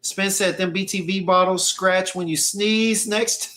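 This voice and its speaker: A man's voice: sits high, steady tone, unhurried, bright, forceful tone. A man hosting a casual fragrance livestream, reading viewer comments aloud in a laid-back, slangy way and repeating his phrases. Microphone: streaming mic.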